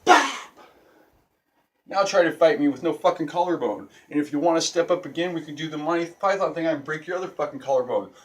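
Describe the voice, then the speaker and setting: A man's voice: a little high, fast, hardly any pauses. Brash, profane man teaching stick fighting. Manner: profane, brash street talk. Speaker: self-defense instructor. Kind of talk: casual video lesson.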